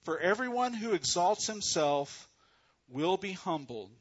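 A man preaching a sermon as pastor into a microphone, earnest and unhurried, pausing often between phrases. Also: high-pitched, big pitch swings, husky, highs cut off. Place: church sanctuary. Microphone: microphone on a stand or handheld.

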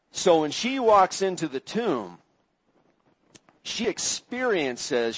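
Preacher, male, slow deliberate delivery, slightly raised voice, dry close sound. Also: on the high side, breathy edge, no echo, rough recording. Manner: measured storytelling, acts out quoted voices with rising intensity. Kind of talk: sermon.

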